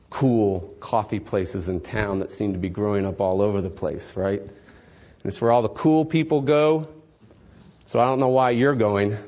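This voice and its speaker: Conversational male pastor, slightly muffled recording. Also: fairly low pitch. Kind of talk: sermon. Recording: slightly dull lo-fi sermon recording.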